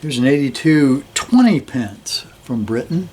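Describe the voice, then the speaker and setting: An older man showing his coin collection in a slow, relaxed, admiring way, with many fillers. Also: mid-range voice, a little hiss or hum. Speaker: metal detecting hobbyist host. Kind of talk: casual show-and-tell of a coin collection.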